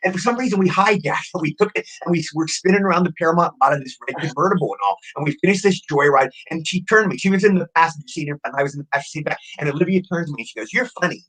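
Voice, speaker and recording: Fast-talking husky older man. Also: a little high, rough recording. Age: 60s. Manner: rapid, excitable anecdotes with repeated words. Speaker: actor guest. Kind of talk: casual interview storytelling.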